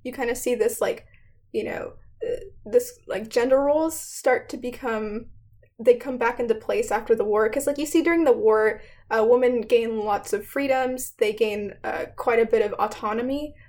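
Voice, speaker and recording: A young woman with a slightly high voice talks through history in a loose, chatty way. She leans on fillers and laughs often. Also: moderate pace, a little mellow. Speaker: student presenter. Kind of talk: casual history explainer.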